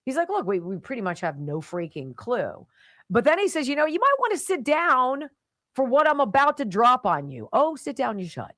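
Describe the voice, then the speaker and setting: A woman radio host talks in a lively, swooping voice that rises and falls sharply. Her delivery is emphatic and opinionated. The sound is close and dry. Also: high-pitched, normal speed, dry recording. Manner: animated and emphatic, mocking in mimicry. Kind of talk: opinionated talk radio monologue.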